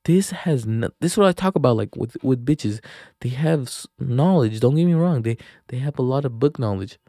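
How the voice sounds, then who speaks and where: A man's voice: medium pitch, lively intonation, normal speed, dark tone, dry recording, studio quality. A young man hosting a podcast, telling a story in a rambling, profane way full of filler words. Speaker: podcast host. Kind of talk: casual chat. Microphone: handheld microphone.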